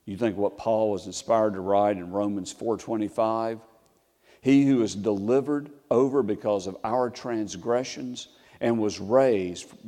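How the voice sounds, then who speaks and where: A man preaches in a church sanctuary, his mellow voice carried by a long reverberant tail. He lifts his volume when reading scripture and drops low and soft to press a point home. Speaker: pastor. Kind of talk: sermon.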